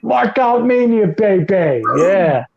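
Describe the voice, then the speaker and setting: Man, podcast host, excitable, gushing, very high voice, casual chat. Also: slow, creaky, highs cut off, over loud music. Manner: excitable, gushing, acts out quotes.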